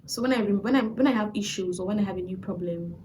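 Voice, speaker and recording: A young woman with a Nigerian accent telling a personal faith testimony in a chatty, animated way, often restarting her sentences. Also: medium pitch, fast talker, background noise. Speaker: vlogger.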